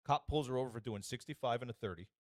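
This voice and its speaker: A man with a medium-pitched voice talks fast in a studio-quality recording with no echo. Co-hosting a podcast, he chats casually and tells stories animatedly, acting out other people's voices.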